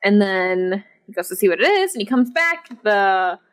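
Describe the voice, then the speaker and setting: A woman's voice: medium pitch, sing-song, moderate pace. A woman co-hosting a podcast, chatting casually and animatedly about a film, full of fillers and exasperation. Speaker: podcast co-host. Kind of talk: casual chat reviewing a film.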